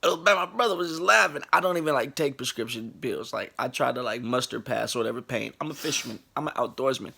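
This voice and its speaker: A man in his late twenties telling a funny personal story in a casual, animated way, laughing and acting out the people in it. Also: mid-range voice, quick pace, creaky, few pauses, husky. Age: late 20s.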